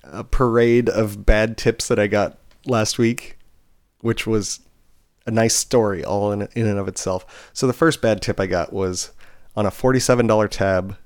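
A man with a lowish voice, chatting casually on a podcast. He tells stories from his bar job in an animated way and mimics the people he quotes. The sound is dry and close. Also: normal speed, no echo. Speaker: podcast co-host; bartender. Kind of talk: casual chat.

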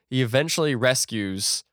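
Man, podcast co-host, animated storyteller, mid-pitched voice, dry close sound. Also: a little slow, dry recording. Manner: animated retelling with acted-out quotes. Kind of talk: casual chat.

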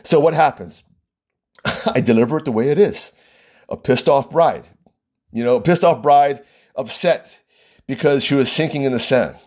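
A man, a wedding planner, telling a personal anecdote in a casual, animated way, laughing often between lines. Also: mid-range voice, normal speed, long pauses.

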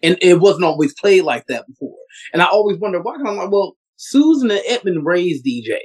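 A man's voice: high-pitched, big pitch swings, a little fast, darkish tone. A man, a podcast panelist, talking eagerly in a casual fan discussion and often asking for agreement. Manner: eager, talkative, asks for agreement.

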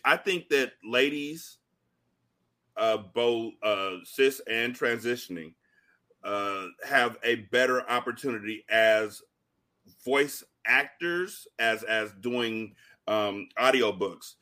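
Podcast co-host guy, bright forceful voice, swears a lot, animated stories. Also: mid-range voice. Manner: profane, animated storytelling. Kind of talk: casual podcast chat.

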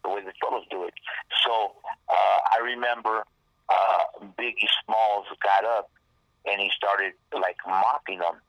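A man's voice: lowish voice, fairly even intonation, unhurried, dry recording, muffled recording. A man, a rapper guest, telling a rambling, profane story in casual talk and acting out the lines people said. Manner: profane, rambling, acts out quoted dialogue.

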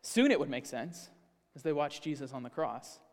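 A man's voice: medium pitch, lively intonation, normal speed. A man giving an earnest teaching sermon as a pastor, often asking the congregation questions. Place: church sanctuary. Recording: long reverb of a hall.

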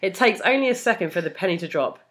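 A woman's voice: fairly low pitch, expressive, quick pace, a bit bright. A woman co-hosting a podcast, reading fan fiction aloud and chatting, laughing often mid-sentence. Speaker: podcast co-host.

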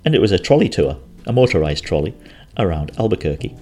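Low-voiced man, chatty travel recollections. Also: big pitch swings, quick pace, a little mellow, soft background music. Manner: chatty, rambling, corrects himself. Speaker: travel storyteller.

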